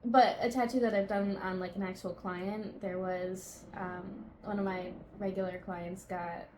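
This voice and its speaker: A young woman tattoo artist as an interview guest, relaxed and wry with quick answers. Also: mid-range voice, slight background noise. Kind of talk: casual interview chat.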